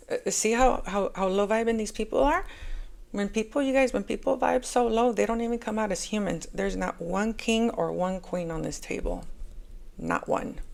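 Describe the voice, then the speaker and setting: A woman's voice: medium pitch, creaky, darkish tone, a little hiss or hum. A woman giving a casual tarot reading, talking chattily and calling her viewers angels. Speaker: tarot reader.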